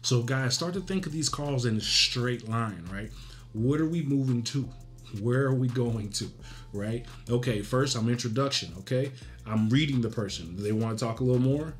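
A man's voice: mid-range voice, normal speed, faint music behind. Direct, emphatic male sales coach. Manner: direct, emphatic, frequent "right?" tag questions. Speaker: real estate coaching host. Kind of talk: casual instructional talk.

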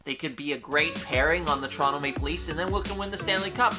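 A man's voice: a little high, fast talker. Young male vlogger, peppy and opinionated, casual Q&A delivery with music underneath. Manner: energetic, playful, opinionated. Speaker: YouTube host. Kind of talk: casual Q&A vlog.

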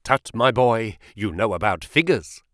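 Brisk, sharp-tongued, flattering money man with a lively, swooping delivery, as a male reader puts him on for an audiobook. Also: on the low side, no echo. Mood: persuasive. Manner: quick, sharp, flattering and excitable. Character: brisk, smooth-talking male financial agent. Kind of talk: audiobook character voice.

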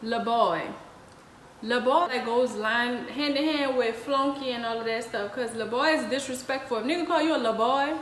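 A young woman with a New Orleans accent, casually explaining local slang words in a relaxed, easygoing way. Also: a little high, normal speed. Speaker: co-host. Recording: echoey room with faint noise.

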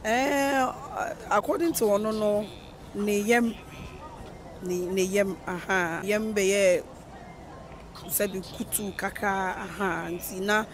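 Ghanaian interviewee, halting and soft, mid pitch, traffic noise behind. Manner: halting, soft-spoken, mixing in English terms. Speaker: family member of the deceased, interviewee. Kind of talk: recounting events to a reporter. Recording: outdoor street noise with passing vehicles.

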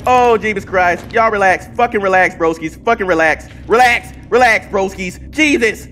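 High, lively, jumpy gaming man. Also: normal speed, a little hiss or hum. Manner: jumpy, swears a lot, yelps and shouts when startled; chatty asides to his game companion. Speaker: gaming channel host. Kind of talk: horror game let's play commentary.

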